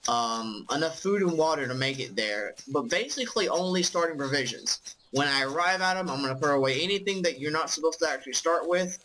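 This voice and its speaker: A man's voice: fairly high pitch, expressive, fairly quick, sharp tone, a little hiss or hum, poor audio. A tired man casually commenting on his own gameplay as host, rambling with lots of ums and swearing. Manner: rambling, full of ums, profane. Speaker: let's play host.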